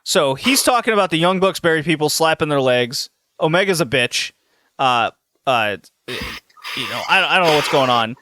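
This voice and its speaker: A man hosting a podcast, telling a story in a casual, animated way with lots of laughs and restarts. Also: on the high side, moderate pace, dry recording, studio quality. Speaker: podcast host.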